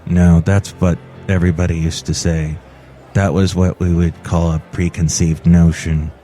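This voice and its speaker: A man voicing a self-important male engineer who lectures in a deep, robust voice. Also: level tone, moderate pace, warm tone, soft background music, lightly acted. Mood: pompous. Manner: pompous, lecturing.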